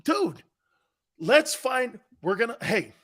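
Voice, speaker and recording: A man hosting a live sports talk show, joking loudly with viewers, reading their comments and laughing often. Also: sits high, expressive, slow. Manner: joking, loud, laughs often, calls out chat names.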